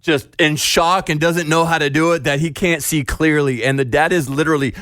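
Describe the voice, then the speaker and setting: A man's voice: fairly high pitch, a little fast, dry recording. A man co-hosting a casual parenting podcast, telling stories with energy. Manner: animated storyteller who acts out the voices. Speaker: podcast co-host.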